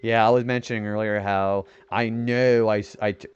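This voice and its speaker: A man's voice: lowish voice, steady tone, moderate pace, smooth, muffled recording. A young man streaming a retro game, rambling casually about his day and swearing when he misses a turn. He describes his own voice as nerdy. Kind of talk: casual gaming stream chat.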